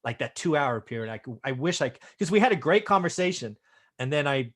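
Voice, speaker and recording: A middle-aged man hosting a casual conversation, at an ordinary pitch for a man. He retells a family story in a self-deprecating way, tagging his sentences with "right?" as he goes. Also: expressive, fast. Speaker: host.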